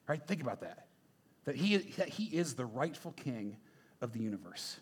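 Preaching in a conversational, emphatic manner, the pastor often checks in with listeners by tossing in "right?" His medium-pitched voice has a sing-song quality and slight roughness, moving at a normal speed.

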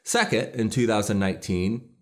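A man's voice: lowish voice, normal speed. A pastor preaching a sermon in an earnest, emphatic way, stressing key lines as he builds his points.

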